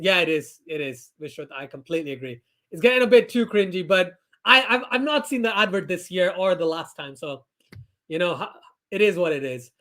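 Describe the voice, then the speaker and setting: Hosting a live cricket watchalong, this high-voiced young man offers casual, chatty commentary on the play while reading out viewers' comments. Whenever a wicket falls, he breaks into excited shouting.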